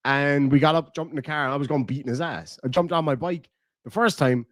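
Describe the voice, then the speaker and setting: A man's voice: a little high, fairly quick, no room sound, studio quality. A man with a southern Irish accent chatting casually on a livestream, blunt and profane. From Ireland. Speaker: streamer.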